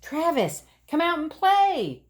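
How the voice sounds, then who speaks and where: Woman doing a high, whiny little boy frog, stubborn and restless, storybook reading. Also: wildly swooping pitch, slow, full character voice. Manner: whiny, loud shouting.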